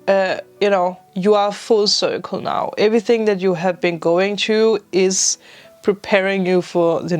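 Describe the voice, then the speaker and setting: A tarot reader offers her viewers a spiritual reading, her medium-pitched voice emotional and teary. She laughs through her tears while giving gentle, reassuring guidance.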